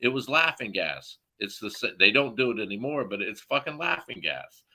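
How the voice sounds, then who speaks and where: Bright-voiced man telling rowdy stories. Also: fairly low pitch, big pitch swings, moderate pace. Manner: profane, laughing storyteller. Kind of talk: casual chat.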